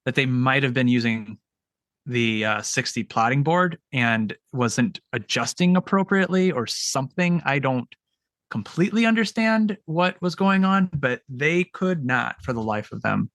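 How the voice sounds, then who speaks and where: A man's voice: mid-range voice, expressive, measured pace, a bit bright, no echo. A man in casual chat, careful and hedging, unsure of the details he recalls.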